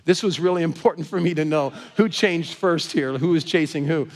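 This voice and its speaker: An American pastor tells a personal story to his congregation, his voice sitting a touch higher than most men's. He is animated and expressive, and he gets more excited and pushes his voice up as the story builds. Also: brisk. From Southern California. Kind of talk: sermon storytelling.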